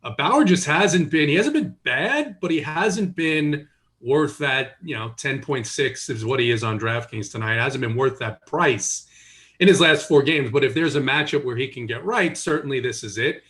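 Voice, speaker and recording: A man giving measured, dry analysis of baseball pitching matchups. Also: expressive, a bit bright. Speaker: sports analyst. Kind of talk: casual sports analysis.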